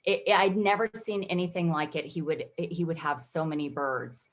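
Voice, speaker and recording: Low-voiced earnest woman telling her story. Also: normal speed. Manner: reflective, earnest, emotional at times. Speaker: guest photographer. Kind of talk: personal interview storytelling.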